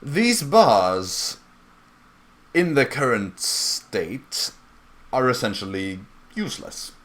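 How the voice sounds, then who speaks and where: A man's voice: medium pitch, sing-song, slow pace, fairly bright tone, pitched above the performer's own voice. A game master voicing a scheming male gang leader who poses as a noble, speaking in a genteel, condescending, wheedling way. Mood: smug. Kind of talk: voicing a character in a tabletop game.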